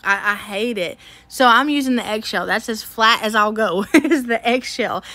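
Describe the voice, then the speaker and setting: Bright, chatty woman vlogger. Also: a little high, dry recording. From Tennessee. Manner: chatty, self-deprecating, laughs often. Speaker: home makeover vlog host. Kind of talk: casual chat to camera.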